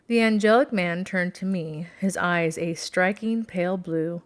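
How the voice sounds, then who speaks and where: A woman narrates a novel in a measured, steady way. Her voice sits on the lower side. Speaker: audiobook reader.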